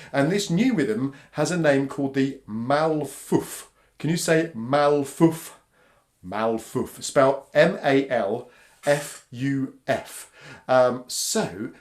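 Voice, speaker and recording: A British man facilitating a live online drumming workshop for families over a video call, upbeat and encouraging. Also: mid-range voice. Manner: upbeat, encouraging, counts in loudly.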